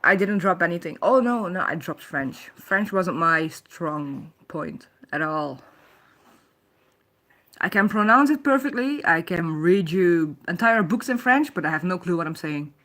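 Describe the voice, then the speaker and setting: A woman's voice: fairly low pitch, lively intonation, unhurried, a bit bright. Chatty Dutch-accented woman streaming. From Netherlands. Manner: chatty, laughs often, reads chat aloud. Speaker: live stream host. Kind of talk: casual live stream chat. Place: her home.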